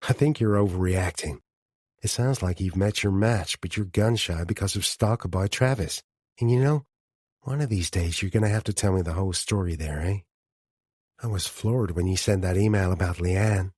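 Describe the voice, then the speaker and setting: A man's voice: low voice, moderate pace, darkish tone, breathy edge, no echo, studio quality. A man voicing a blunt, affectionate woman friend who teases and reassures in an audiobook. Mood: teasing. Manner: frank, teasing, reassuring. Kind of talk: audiobook character dialogue.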